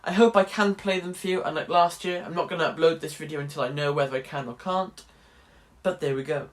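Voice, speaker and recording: A man's voice: a little high, fairly quick. A young man in his late teens chatting wryly in a casual vlog about his drama course. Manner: chatty and wry, restarts sentences. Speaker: drama student vlogger.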